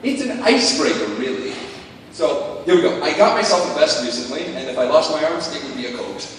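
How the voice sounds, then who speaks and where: Young man, stand-up comedian, deadpan, awkward, lively swooping voice, distant mic, roomy hall. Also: a little high, fairly quick, a little hiss or hum. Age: young adult. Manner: deadpan, awkward, laughs at his own jokes. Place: open mic venue. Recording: echoey hall, far from mic.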